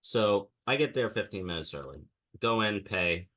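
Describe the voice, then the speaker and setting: Low-voiced guy co-hosting a chat show, forceful bright tone, ranting storyteller who acts out quotes. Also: animated, normal speed. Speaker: podcast co-host. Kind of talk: casual chat.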